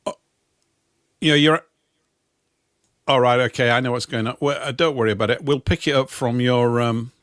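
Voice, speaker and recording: A man's voice: medium pitch, fairly even intonation, normal speed, pauses often, fairly bright tone, dry recording. A man in his fifties with a Yorkshire accent, co-hosting a casual radio chat and telling rambling anecdotes with dry, self-mocking humour. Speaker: co-host.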